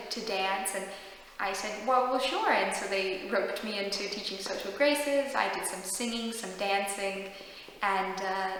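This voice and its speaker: A young woman speaks in a bright, ringing voice, chatty and eager, dotting her answers with fillers. Her voice bounces around a very reverberant hall. A faint hiss sits underneath. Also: mid-range voice. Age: young adult. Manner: chatty and enthusiastic, with frequent fillers. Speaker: historical reenactor guest. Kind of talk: casual interview answers. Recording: very echoey room with long reverb and faint noise.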